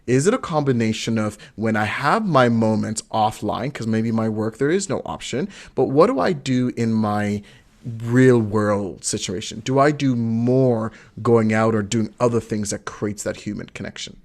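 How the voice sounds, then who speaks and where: A man's voice: on the low side, moderate pace. A man co-hosting a life coaching podcast, talking supportively in casual chat. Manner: supportive, lots of short agreeing replies.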